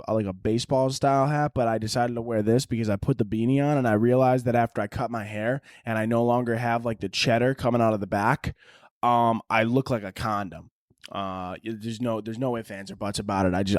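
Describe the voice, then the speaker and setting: A man's voice: mid-range voice, darkish tone, no echo, clean studio sound. A man hosting a solo podcast, rambling through listener questions with crude, self-mocking jokes. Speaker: podcast host.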